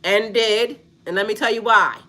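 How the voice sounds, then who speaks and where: A woman's voice: mid-range voice, normal speed, bright, forceful tone. A woman spiritual reader in casual livestream chat, blunt and profane, laughing often and talking straight to her viewers. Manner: slangy, repetitive, talks to chat.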